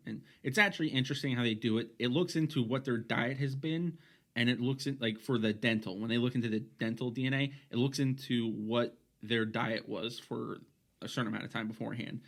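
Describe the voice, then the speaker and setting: A man's voice: mid-range voice, a bit bright. Rambling man on a casual podcast. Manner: rambling, with many restarts and fillers. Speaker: podcast co-host.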